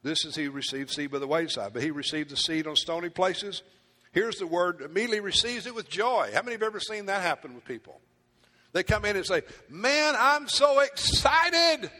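A pastor preaching a sermon, animated and playful, acting out his congregation in asides. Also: fairly high pitch, fast. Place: church hall. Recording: church hall reverb.

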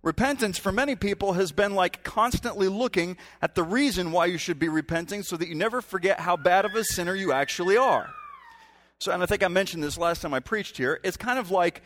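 A high-pitched man with a fairly bright tone delivers a sermon on a church hall stage. He talks conversationally but bursts into sudden emphatic rises, all carried on long hall reverb.

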